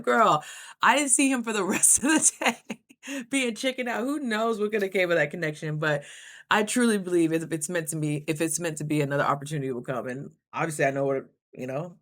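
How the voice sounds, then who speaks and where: A young adult woman in a casual storytelling vlog, chatty and laughing often, with lively quoted asides. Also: on the low side, fast talker. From Idaho. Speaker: vlogger.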